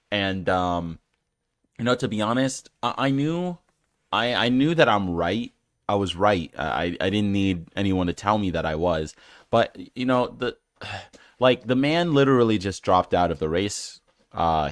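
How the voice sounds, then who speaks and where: A man with a low voice rants casually on his own channel. He stumbles over fillers and restarts and sounds exasperated and incredulous. The recording is dry and close. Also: no echo. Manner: rambling with many fillers and restarts. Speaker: channel host. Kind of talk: casual rant reacting to comments.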